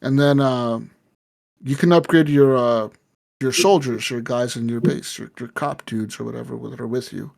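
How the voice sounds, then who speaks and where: A man's voice: mid-range voice, fairly even intonation, normal speed, creaky, darkish tone. A man hosting a casual gaming podcast, rambling through a story with lots of filler words and swearing. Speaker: podcast host.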